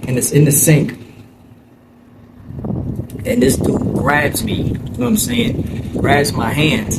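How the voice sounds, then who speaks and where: A man from New Jersey telling a story from his childhood in a halting, casual way, full of fillers and "you know what I'm saying.". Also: mid-range voice, animated. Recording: loud vehicle noise behind.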